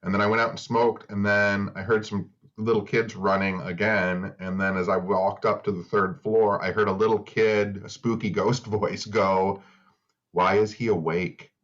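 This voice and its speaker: A man co-hosting a podcast, telling stories in a relaxed, easygoing way. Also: fairly low pitch, normal speed, hardly any pauses. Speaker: podcast co-host. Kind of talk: casual chat. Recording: slightly dull lo-fi mic.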